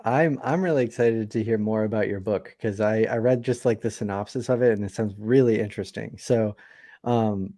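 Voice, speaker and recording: A man's voice: on the low side, moderate pace, warm tone, dry recording, studio quality. Laid-back man hosting a book stream. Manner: friendly, laughs often, filler-heavy. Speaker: livestream host. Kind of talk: casual hosting chat.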